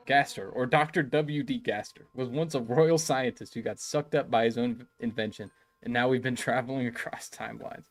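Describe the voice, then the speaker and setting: A man's voice: medium pitch, normal speed, soft background music. Joking young man streaming a game. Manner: rambling and joking, chatting with viewers in chat. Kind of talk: casual live-stream commentary.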